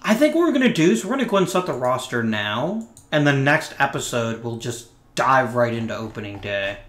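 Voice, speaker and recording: A man's voice: medium pitch, sing-song, fairly quick, fairly bright tone, reverberant. A man hosting a casual let's play, giving wry commentary with muttered asides to himself.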